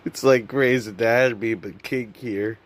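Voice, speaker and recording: A man's voice: medium pitch, fairly even intonation, unhurried. A young man vlogging to camera in a rambling, self-mocking comedic monologue that often loses its thread.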